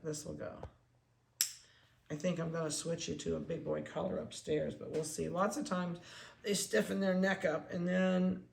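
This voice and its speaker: A dog breeder in a casual chat, handling puppies and talking to them in soft baby talk between explanations. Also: mid-range voice, vocal fry. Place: indoor room of a home. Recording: echoey room, faint background noise.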